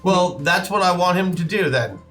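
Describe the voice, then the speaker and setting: Male player, bright and a little high, casual, faint music behind. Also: animated, normal speed. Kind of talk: casual tabletop play.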